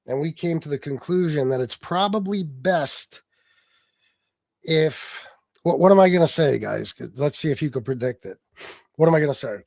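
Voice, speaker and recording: A man's voice: a little high, vocal fry, a little mellow, no echo. A man hosting a casual livestream, brash and boastful, swearing freely and answering comments from his viewers. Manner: chats with viewers in the stream chat. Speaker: livestream host.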